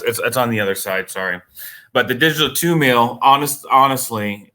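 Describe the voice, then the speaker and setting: A man answering questions in a product training session, speaking casually with frequent restarts. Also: mid-range voice. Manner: relaxed, conversational, many restarts. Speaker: vendor trainer.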